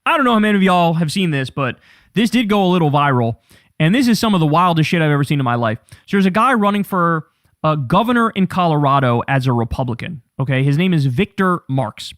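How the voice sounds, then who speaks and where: A man's voice: on the high side, lively intonation, fast talker, a bit bright, no echo, studio quality. A man hosting a political commentary show, ranting in a profane, sarcastic, fired-up way.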